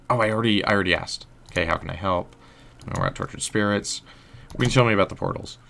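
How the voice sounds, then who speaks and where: A man's voice: sits low, fairly even intonation, quick pace, gravelly, sharp tone. A young man casually commenting on his gameplay, chatting with viewers and joking at his own expense. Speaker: livestreamer and writer.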